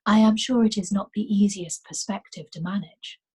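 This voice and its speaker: A woman reading aloud, voicing a composed young female illusionist who speaks calmly and precisely. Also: mid-range voice, normal speed, slightly rough.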